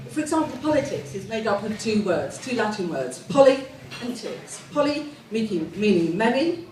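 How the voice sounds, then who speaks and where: A woman's voice: mid-range voice, echoey room, recorded from a distance, slight background noise, low-quality recording. A posh-sounding woman from England performing a self-mocking stand-up comedy set, telling stories built around punchlines. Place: live comedy venue with audience.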